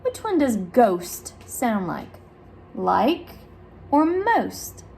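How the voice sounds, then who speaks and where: Slow, sing-song woman speech therapist. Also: very animated, creaky, warm tone, a little hiss or hum. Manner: slow, sing-song, with big exaggerated pitch jumps for praise; overarticulates sounds for young listeners. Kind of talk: reading a picture book aloud and quizzing children.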